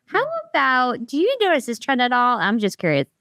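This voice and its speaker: A woman's voice: a little high, big pitch swings, brisk, fairly bright tone, no echo, studio quality. A woman in her thirties from New Jersey, hosting a podcast interview in a friendly, curious way. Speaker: podcast host.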